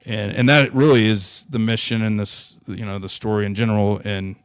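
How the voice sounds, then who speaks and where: A young man speaks as a podcast guest, recounting a personal story with earnest feeling and frequent restarts. His voice sits low and stays fairly level in pitch, recorded dry with no room sound. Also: fairly even intonation, moderate pace, clean tone, dry recording. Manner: earnest, heartfelt, rambling with many restarts.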